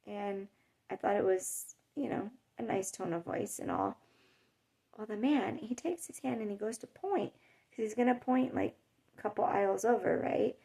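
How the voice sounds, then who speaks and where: Woman vlogger, husky and gravelly, just chatting and rambling. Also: medium pitch, lively intonation, normal speed, warm tone. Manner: chatty, rambling, with little laughs and fillers. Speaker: chronic illness vlogger. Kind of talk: casual storytelling to camera. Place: home in a hot desert area.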